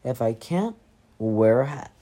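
A woman's voice: extremely low pitch, expressive, unhurried, warm tone, full character voice. A woman reading the part of a wry, short-tempered shopkeeper father in a storybook. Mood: exasperated. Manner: gruff, exasperated.

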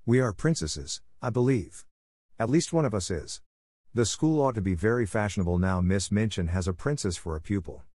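A spiteful older schoolgirl with a sneering, mocking edge, put on by a male reader. She sits a touch higher than the reader's own voice. The recording is dry and close. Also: animated, normal speed, a little mellow, no room sound.

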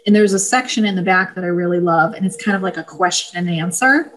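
A woman, an author of parenting books, explaining her books and advice in a steady, easygoing interview manner with small fillers. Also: fairly low pitch, quick pace, rough recording. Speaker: parenting book author, guest. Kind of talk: casual interview talk.

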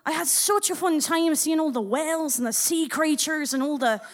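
A woman's voice: sits high, moderate pace, close to an everyday voice. A woman voicing her fake-Scottish younger self, a prim and overly polite young woman with a put-on Scottish accent. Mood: chirpy polite. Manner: prim, formal and sing-song. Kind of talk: acted quote in a live story.

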